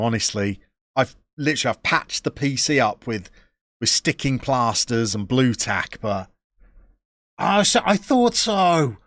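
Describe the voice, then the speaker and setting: A man's voice: mid-range voice, fairly bright tone, no echo, clean studio sound. A man chatting casually on a live game stream, reading viewer messages in a chatty, self-deprecating way. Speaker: Football Manager streamer.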